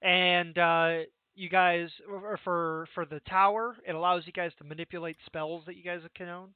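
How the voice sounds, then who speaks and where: A man's voice: sits high, little pitch movement, normal speed, smooth, dry recording. A young man rambles through his game-master duties in a loose, filler-heavy way, his slightly raised voice coming through a thin, phone-like voice-chat line. The sound is dry and close. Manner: casual, rambling, many fillers and restarts. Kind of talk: running a tabletop game over voice chat.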